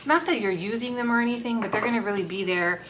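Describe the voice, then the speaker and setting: A woman's voice: a little high, fast talker, noisy background. A woman giving a casual, unscripted tarot reading, blunt and swearing freely as she talks to the cards aloud. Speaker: tarot card reader.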